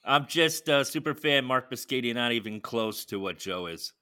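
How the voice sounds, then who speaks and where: A man chimes in on a podcast with bright, tense energy and a lively, swooping voice. He jokes easily and jumps into the conversation. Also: medium pitch, smooth. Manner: jokey, quick to chime in. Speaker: podcast regular, super fan. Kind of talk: casual podcast chat.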